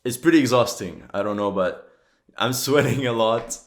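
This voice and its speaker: A man's voice: medium pitch, moderate pace. A man hosting a history channel, giving movie reaction commentary with critical, exasperated outbursts. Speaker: history channel host reacting to a war film. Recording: roomy echo.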